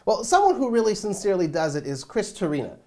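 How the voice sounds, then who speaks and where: A woman's voice: mid-range voice, very animated, fast talker, mellow. A woman co-hosting a weekly poker talk show, chatting casually and animatedly with plenty of fillers. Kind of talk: casual chat.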